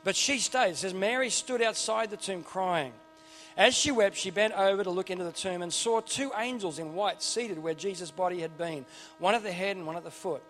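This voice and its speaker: A man's voice: sits high, moderate pace, a bit bright. A man preaching an informal sermon, enthusiastic and chatty, often restarting his sentences and drifting into asides. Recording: long reverb with faint music behind.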